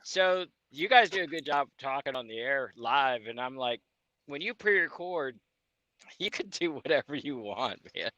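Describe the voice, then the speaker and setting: Rambling laughing trucker guest from Indiana, bright voice, dry lo-fi audio. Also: male voice, medium pitch, lively intonation, moderate pace, no room sound. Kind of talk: casual livestream chat. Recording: dull dry stream audio.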